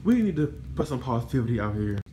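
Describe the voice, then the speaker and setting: A man casually recapping a reality TV episode, gossipy and animated, swearing freely and filling his pauses with "um" and "you know". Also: medium pitch, slight background noise. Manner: animated, profane, gossipy, many fillers.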